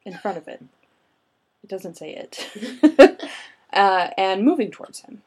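A woman's voice: mid-range voice, animated, takes it slowly, darkish tone, breathy edge. A woman chatting casually with friends and reading a folklore account aloud dramatically, often breaking into laughter.

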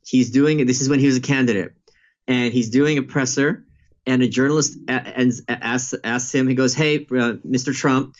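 A man who has written a book talks politics in conversation, telling anecdotes in an animated way. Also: medium pitch, moderate pace. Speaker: author and podcast guest. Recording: dull lo-fi sound.

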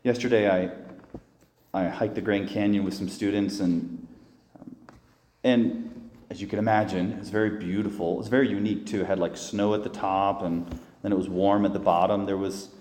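Priest preaching a homily, low mellow voice, earnest and conversational, with long church reverb. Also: male voice, fairly even intonation, moderate pace, a little hiss or hum. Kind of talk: sermon. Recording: echoey church hall.

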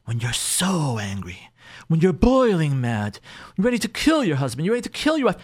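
A man's voice: a little high, wildly swooping pitch, normal speed, slightly rough, no room sound. A man, a rabbi hosting a call-in advice show, telling a counseling story and giving advice, repeating phrases for emphasis. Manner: acts out quoted people in shifting voices.

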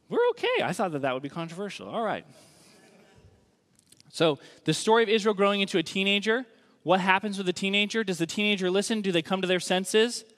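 A man preaching a sermon in a conversational, emphatic way, slowing down to stress key lines. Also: on the high side, a bit bright. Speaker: pastor. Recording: long reverb of a large hall.

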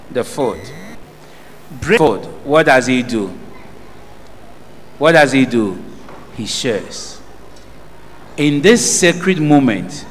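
Animated Ghanaian preacher man. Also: a little high, in a large hall, slight background noise. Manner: call-and-response preaching, asking the congregation questions. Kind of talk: sermon.

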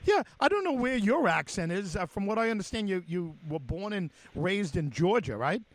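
A man with a New York accent hosting a radio interview, talking in a halting way with lots of fillers and restarts. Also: high voice, big pitch swings, no room sound. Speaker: radio show host.

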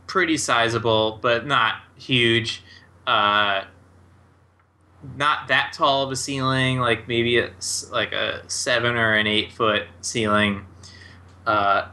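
A man's voice: medium pitch, sharp tone. A man narrating a tabletop game as game master, loose and full of fillers.

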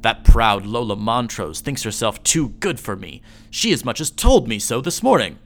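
A man's voice: medium pitch, big pitch swings, normal speed, a bit bright. A man voicing a scheming young suitor who speaks earnestly and with resentment. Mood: bitter.

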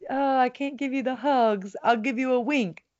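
A woman's voice: high voice, fairly even intonation, moderate pace, a little mellow, pitched above the performer's own voice, natural voice. A woman putting on the voice of a sweet old Italian grandma who gives winks instead of hugs, on a slightly dull recording. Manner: playful, affectionate.

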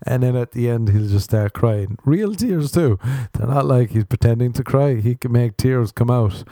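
A man's voice: medium pitch, moderate pace, warm tone, no echo. Irish male comedian, young, sweary self-mocking rants, dry close mic. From Ireland. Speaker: stand-up comedian. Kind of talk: casual comic monologue.

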